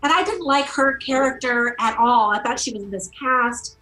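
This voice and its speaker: A woman co-hosting a casual movie review discussion, animated, acting out quotes as she talks. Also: sits high, moderate pace, soft background music, poor audio.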